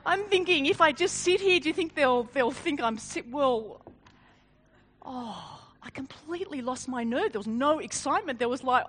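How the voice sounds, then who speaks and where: A woman gives a sermon built around a personal story. Her voice sits high and moves all over the place as she talks. She is animated, pokes fun at herself and laughs easily. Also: normal speed. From Australia. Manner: animated, self-deprecating, laughs often. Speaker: speaker.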